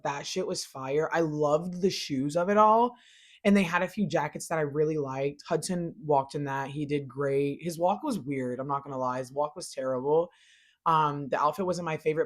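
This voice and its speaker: A woman hosting a casual pop culture show, chatting in an animated, slangy way and gushing over what she loves. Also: deep voice. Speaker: pop culture podcast host. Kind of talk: casual chat.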